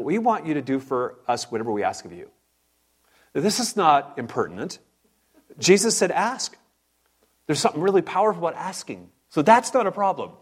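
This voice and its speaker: A man delivering a sermon with lots of energy and a lively, swinging pitch. He talks fast in bursts, checks in with his listeners and slips in jokes between points. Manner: animated, fired-up preaching with asides and humor. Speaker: preacher.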